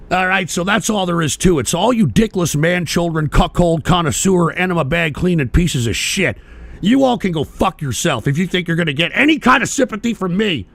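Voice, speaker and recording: A man hosting a political talk radio show, ranting angrily and profanely at the listeners, sometimes shouting. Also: high-pitched, creaky. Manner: mocking voices of people he derides.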